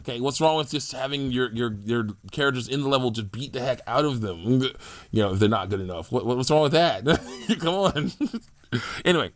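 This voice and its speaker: A young man talks through his hobby game characters in a loose, rambling way, breaking into laughter and restarting his thoughts. His voice sits at an ordinary middle pitch. The sound is dry and close, with no room around it. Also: no room sound. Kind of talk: casual commentary on his game mods.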